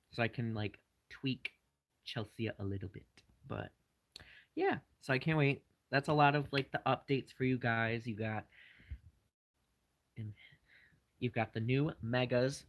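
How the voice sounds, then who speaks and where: A man's voice: mid-range voice, slow pace, pauses often, a little hiss or hum, rough recording. A man hosting his channel, casually answering live chat questions in a rambling way with lots of fillers.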